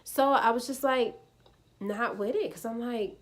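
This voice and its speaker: A woman in her twenties, a vlogger, recounts her personal faith story casually for viewers, saying "like" often and calling them "y'all." Her voice is on the high side and she doesn't hurry.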